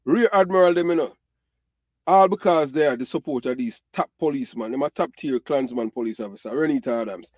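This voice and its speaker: Speaking fairly quickly at a medium pitch with no echo, this middle-aged Jamaican channel host addresses his viewers in a casual, animated way. His talk is repetitive, mixed with Patois, and full of fillers.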